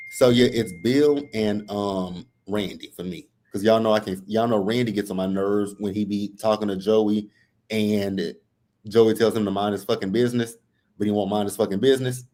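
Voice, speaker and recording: Low-voiced man casually co-hosting. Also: moderate pace. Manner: relaxed, chuckles, restarts his sentences. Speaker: co-host. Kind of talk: casual live review chat.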